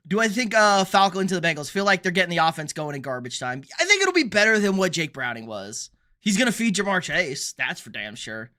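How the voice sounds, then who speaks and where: Blunt, bright-voiced young man. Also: sits high. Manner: blunt, swears, reads chat aloud. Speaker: sports livestream host. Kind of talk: casual livestream commentary.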